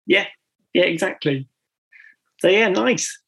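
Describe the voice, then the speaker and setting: A man's voice: high voice, lively intonation, takes it slowly, gravelly, fairly bright tone, breathy edge. A man co-hosting a podcast, chatting agreeably and repeating words as he thinks. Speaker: podcast co-host. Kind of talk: casual chat.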